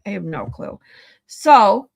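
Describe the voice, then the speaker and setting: A woman's voice: mid-range voice, very animated, slow pace, creaky. A woman streaming live, chatting casually with viewers, laughing often and swearing loosely. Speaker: live streamer reading chat.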